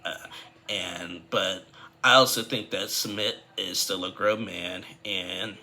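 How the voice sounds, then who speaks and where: A man's voice: deep voice, fairly even intonation, takes it slowly, bright, forceful tone. A man chatting casually as he recaps a reality TV episode, rambling with many fillers and restarts and acting out the quotes. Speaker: TV recap vlogger.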